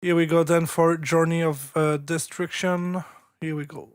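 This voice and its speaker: A man's voice: fairly high pitch, little pitch movement, moderate pace, clear, resonant tone, no echo, clean studio sound. A man hosting a live stream that reviews listeners' tracks, chatting casually, repeating words and breaking into giggles. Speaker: host reviewing submitted tracks.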